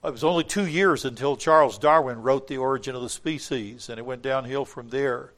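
Delivering a sermon a little fast, a man stresses his points by repeating phrases. His emphatic voice climbs to loud peaks and falls back low and quiet.

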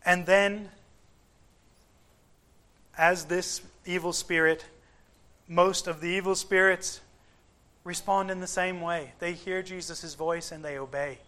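A man preaching a sermon, measured and emphatic, with frequent pauses for weight. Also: sits high, fairly even intonation, pushed and bright.

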